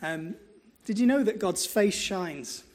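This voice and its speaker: Middle-aged male pastor, high-pitched, earnest sermon delivery with slow emphatic peaks. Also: expressive, noisy background. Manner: earnest, storytelling, builds to emphatic slow lines.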